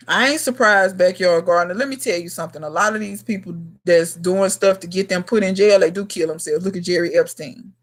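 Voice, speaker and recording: A woman's voice: lowish voice, a little fast, few pauses. Blunt, slangy woman in her thirties. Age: 30s. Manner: emphatic, slangy and blunt, talking straight to viewers. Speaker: gardening channel host. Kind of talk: casual livestream chat answering viewers.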